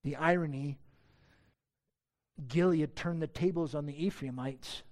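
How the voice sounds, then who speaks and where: A man preaching a sermon with earnest emphasis, pressing his church with rhetorical questions. His voice sits somewhat high for a man. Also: a little mellow. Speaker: pastor.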